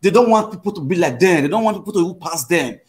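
A man's voice: high-pitched, lively intonation, quick pace, husky. A man with a Nigerian accent lecturing in casual pidgin, often asking "you understand?".

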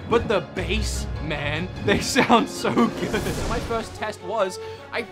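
A man's voice: high-pitched, slow pace, over music. A young man hosting a casual vlog, chatty and enthusiastic, laughing often as he talks. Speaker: YouTube game collector host.

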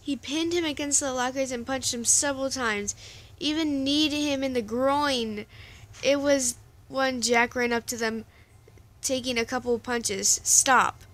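A woman reads a story aloud in a casual, unpolished way. She often trips over words and corrects herself, and her voice sits fairly high. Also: fairly even intonation, a little slow. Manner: casual, stumbling, self-correcting. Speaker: story reader. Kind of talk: amateur story reading.

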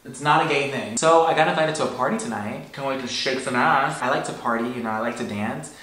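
A young man with a fairly high voice, talking to camera in a sassy, campy vlog, swearing freely. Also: fast, fairly bright tone, breathy edge. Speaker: vlogger. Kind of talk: casual vlog talk to camera. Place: Los Angeles, outdoors and at home. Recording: music playing behind.

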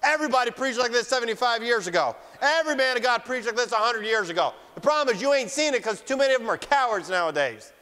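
A man preaching a fiery sermon in church, mocking opponents and shouting for emphasis. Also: very high voice, animated, quick pace, few pauses, clean tone. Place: church sanctuary. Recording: long church hall reverb.

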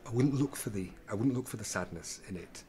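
A man's voice: lowish voice, brisk. A middle-aged man chats as a podcast guest. He tells stories with plenty of laughter and acts out the people he quotes. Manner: animated storyteller, acts out quoted voices, laughs often. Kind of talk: casual anecdotal chat.

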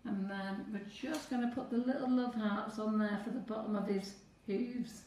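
A woman's voice: medium pitch, steady tone, moderate pace, darkish tone, far from the mic, slight background noise. A woman teaching cake decorating on a live stream, chatting to viewers as she works through each step. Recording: echoey room, away from the mic.

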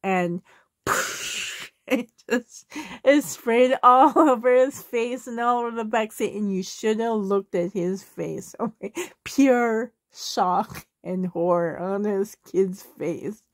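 A Canadian woman in her forties talks slowly in a mid-range voice, recorded at studio quality with no echo. Answering a tag video as a vlogger, she rambles through family stories, laughing along and using plenty of fillers.

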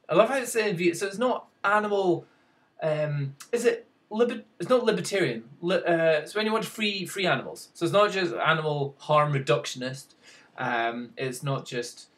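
A man's voice: a little high, a bit bright, recorded from a distance. A man giving casual news commentary as a vlogger, rambling and wry, and chuckling often.

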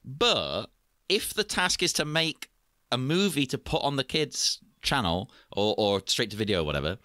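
A man's voice: mid-range voice, big pitch swings, normal speed, bright, forceful tone, no echo, studio quality. A man co-hosting a podcast in casual chat, playful and enthusiastic, laughing often. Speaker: podcast co-host.

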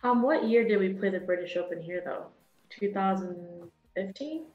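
A woman golfer chats casually and reacts quickly to her shots. Her voice sits in a middle pitch and echoes through a roomy space. Faint music plays behind. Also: dull audio. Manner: upbeat, competitive, quick reactions. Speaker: pro golfer playing an online match. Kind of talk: casual chat during a game.

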